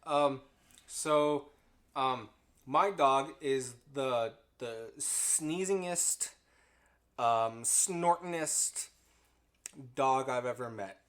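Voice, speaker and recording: A man's voice: mid-range voice, extremely slow, long pauses, a bit bright. A man co-hosting a casual podcast chat, talking close to the mic in a rambling, hesitant way with many restarts. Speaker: podcast co-host.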